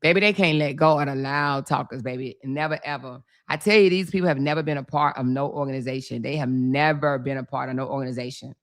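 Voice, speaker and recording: A woman's voice: a bass voice, fast, hardly any pauses. A woman, hosting a casual livestream, reading comments aloud and chatting in a sassy, laughing way, calling viewers baby and y'all. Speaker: livestream host.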